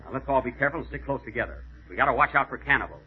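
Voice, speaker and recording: A man hosting and starring in a 1930s radio comedy sketch, with indignant, deadpan comic timing. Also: mid-range voice, rapid-fire, slightly rough, phone-quality sound. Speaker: comedian host. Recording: scratchy 1930s radio broadcast.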